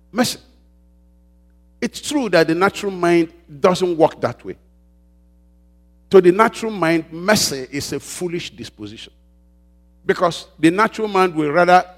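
A man preaching a sermon as pastor, calling out questions for the congregation to answer and slowing down to stress key words. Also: sits high. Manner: call-and-response preaching, prompting the congregation with "what?"; rises and presses louder on key points, slows on emphasized words.

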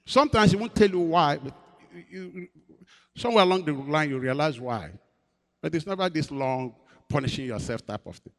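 Guy pastor giving a sermon, asks the crowd stuff back and forth, high voice, big echoey church. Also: animated, moderate pace, a bit bright. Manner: preaching with call-and-response questions to the congregation.

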